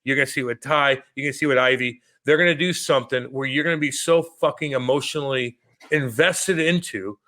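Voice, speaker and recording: A man in his thirties co-hosting a podcast, telling stories in a profane, animated, casual way. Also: medium pitch, brisk. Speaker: podcast co-host. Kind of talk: casual chat.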